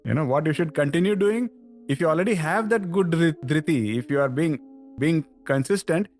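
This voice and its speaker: A man teaches a study group in a relaxed, conversational way. His voice sits a little high and climbs further when he stresses a point. Soft music plays faintly behind him. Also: fairly quick. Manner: conversational, fillers and restarts, rises in pitch for emphasis. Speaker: spiritual teacher. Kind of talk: casual spiritual talk to a study group.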